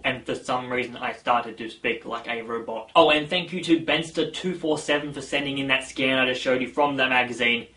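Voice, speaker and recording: A man's voice: mid-range voice, a little fast, few pauses, bright, forceful tone. A man hosting a casual gaming news vlog, chatty and full of self-mocking asides.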